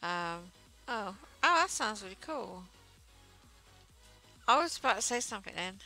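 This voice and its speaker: A woman's voice: medium pitch, very animated, measured pace, pushed and bright. A woman livestreaming while she knits, chatting casually in a rambling way with plenty of fillers. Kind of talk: casual chat while knitting. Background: faint music.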